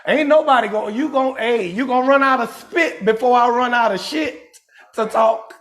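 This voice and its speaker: A man with a Southern American accent, hosting a live-stream comedy show in a loud, profane, animated rant and calling out viewers from the chat. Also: very high-pitched, moderate pace.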